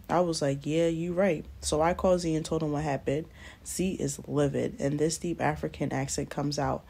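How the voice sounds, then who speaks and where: Young woman vlogger, low and fry-heavy, slangy and blunt storyteller. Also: a little mellow. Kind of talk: casual storytime narration. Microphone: close mic, doing nails on camera.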